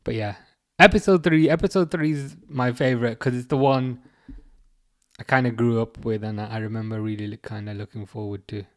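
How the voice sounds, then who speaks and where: A man hosting a live football watchalong, reading chat messages aloud and answering them in a chatty, halting way full of fillers and restarts. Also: mid-range voice, steady tone. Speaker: livestream host reading chat.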